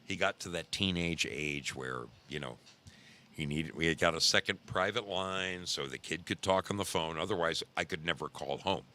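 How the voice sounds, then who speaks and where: A middle-aged man hosting a podcast, telling a story casually in a low voice, rambling and repeating himself for emphasis. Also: normal speed, bright, forceful tone. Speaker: podcast host.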